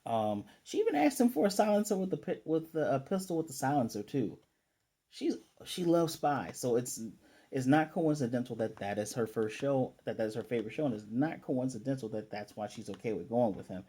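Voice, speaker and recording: A man's voice: medium pitch, big pitch swings, brisk, dark tone, slightly rough. A man casually recapping an anime episode as a reviewer, rambling with lots of fillers and restarts.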